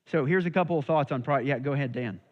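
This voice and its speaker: A man's voice: mid-range voice, quick pace. Conversational male Bible study teacher. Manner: conversational, checks in with listeners. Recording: dull lo-fi recording.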